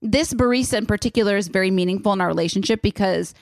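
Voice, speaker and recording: A young woman telling a story in a rambling, animated way on a casual podcast, full of "like" and restarts. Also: mid-range voice, rapid-fire, gravelly, dry recording, studio quality. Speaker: podcast co-host.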